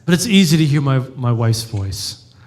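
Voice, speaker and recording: A middle-aged pastor delivers his sermon in a loose, conversational way. He jokes with the congregation as he goes. His voice sits at an ordinary middle pitch. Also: sing-song, moderate pace, darkish tone.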